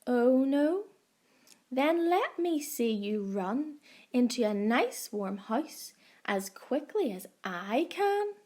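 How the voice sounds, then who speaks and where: A woman's voice: high-pitched, big pitch swings, takes it slowly, darkish tone, heavily acted. A woman voicing a smug female cat who drawls and mocks in a storybook reading.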